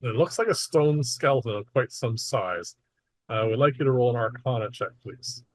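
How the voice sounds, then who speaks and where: A man running a tabletop game as game master, narrating in a relaxed, matter-of-fact way with small asides. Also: medium pitch, moderate pace, no room sound.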